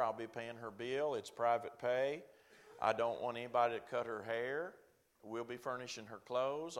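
A man's voice: mid-range voice, a bit bright. A middle-aged man, a pastor, telling a long personal story in a sermon, folksy and self-deprecating, acting out the other voices he quotes.

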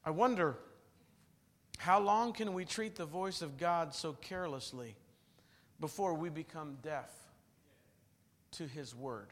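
A middle-aged man from southern Indiana preaching a sermon, swinging from hushed, slow words to loud emphatic ones. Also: a little high, big-room sound. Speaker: pastor.

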